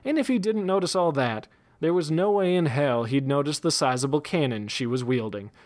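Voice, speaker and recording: A man's voice: fairly high pitch, lively intonation, moderate pace, a little mellow. Man reading a western story aloud.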